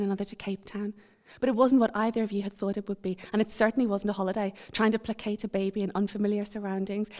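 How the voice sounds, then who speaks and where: Woman, literary reading, measured, introspective, flat even pitch. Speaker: author reading.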